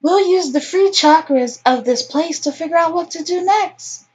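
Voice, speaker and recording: A woman voicing a lofty, condescending young mystic in a mobile story game, with a high, airy, superior delivery. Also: moderate pace.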